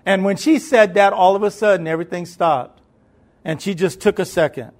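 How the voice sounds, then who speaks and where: A man telling a personal story as a guest, animated and conversational, acting out the voices in it. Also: sits high, normal speed. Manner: conversational, with repeated fillers and restarts.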